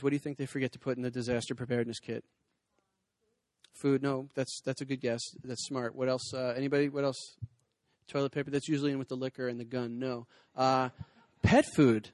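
A middle-aged male comedian rattles through his set at a fast clip, rambling and tossing self-deprecating asides to the crowd. His voice sits at an ordinary pitch and comes across dry and close, with little room sound. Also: a little mellow, no room sound. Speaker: comedian and cartoonist. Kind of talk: stand-up comedy with crowd work. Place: small hot venue with a spotlight.

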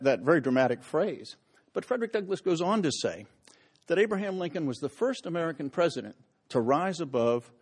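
A man's voice: a little high, darkish tone. A middle-aged man giving a public history lecture, telling stories with wry asides and dramatic emphasis.

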